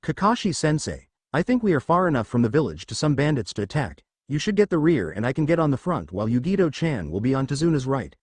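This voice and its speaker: A man's voice: medium pitch, quick pace, few pauses, husky, no room sound. A man voicing a cool, confident young male ninja swordsman who speaks in a bored tone. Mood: calm. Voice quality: bored, flat delivery.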